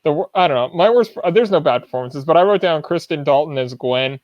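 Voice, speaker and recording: A man's voice: on the high side, expressive, quick pace, no room sound, dull audio. A man co-hosting a film podcast, talking in an easygoing way and laughing between remarks. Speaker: podcast co-host. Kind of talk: casual film discussion.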